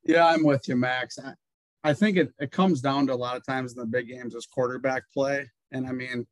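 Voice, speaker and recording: A man co-hosting a sports podcast, giving measured, reasoned takes in casual chat. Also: mid-range voice, fairly even intonation, no echo, poor audio. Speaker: podcast co-host.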